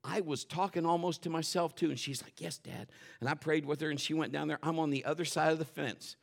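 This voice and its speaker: A middle-aged male pastor preaching a sermon, telling family stories in an animated way and acting out the voices of the people in them. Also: fairly high pitch, fairly quick, vocal fry. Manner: animated storytelling, acts out quotes and shouts for effect.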